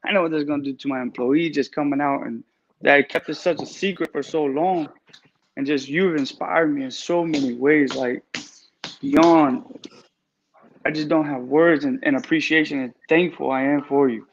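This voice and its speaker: Man on a live-stream call, slightly high voice, gushing and repetitive with thanks, muffled audio. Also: fairly even intonation, normal speed, slight background noise. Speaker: guest caller in recovery, barber.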